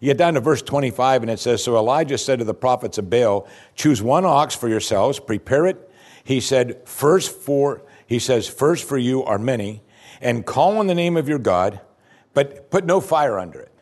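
A man preaching a sermon with an animated delivery, acting out the scenes he tells with a dry humor. His voice swings widely in pitch, climbing high and falling low as he drives his points home. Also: normal speed. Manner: animated, acts out the chanting with raised pitch and volume, dry humor. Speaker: pastor.

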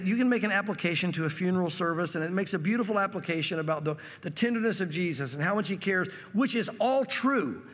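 A pastor delivers a conversational sermon, reading verses aloud and voicing the people in them. His voice sits high for a man. The sound rings with the long reverb of a hall. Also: a bit bright. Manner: conversational preaching, reads scripture aloud and acts out quotes.

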